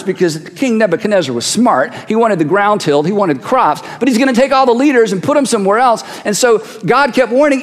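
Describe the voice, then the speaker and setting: A high-voiced man delivers a sermon in an animated, conversational way, acting out voices and repeating phrases. His voice carries the long reverb of a large auditorium. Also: fast talker, few pauses. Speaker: pastor.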